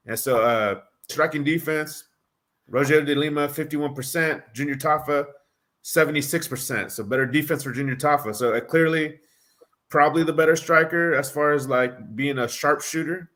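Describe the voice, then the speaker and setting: A man's voice: fairly high pitch, a bit bright. A man co-hosting a fight prediction stream, casually reading out fighter statistics and weighing his pick. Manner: analytical, rattles off fight stats. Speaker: co-host of a fight prediction show. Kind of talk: casual live-stream chat.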